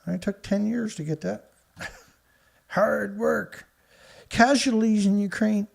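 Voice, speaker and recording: A man's voice: high-pitched, normal speed, vocal fry. A man from Canada hosting a live-stream news show, talking casually in a sarcastic, rambling way and scoffing at headlines.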